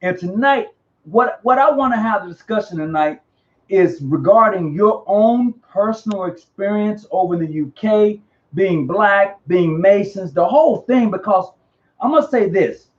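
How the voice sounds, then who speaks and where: A man hosting a casual live online interview, talking in an animated, slangy way and often repeating himself. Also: high-pitched, measured pace. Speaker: host. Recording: dull lo-fi audio.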